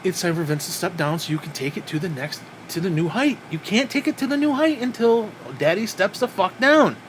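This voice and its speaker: A man's voice: high voice, a little fast, slight background noise. A man ranting in a wrestling review, profane and exasperated, with frequent sighs.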